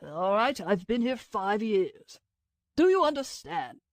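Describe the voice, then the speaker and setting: A woman's voice: on the high side, very animated, takes it slowly, dry recording, clean studio sound, full character voice. A woman reading the lines of a greedy male officer who talks in a curt, dismissive way.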